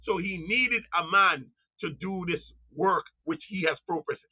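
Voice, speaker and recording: A man preaching a fervent sermon, calling out to his listeners, drawing out quoted scripture slowly and rising into cries and shouts. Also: high voice, slightly rough. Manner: calls out to the audience. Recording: tinny phone-like sound.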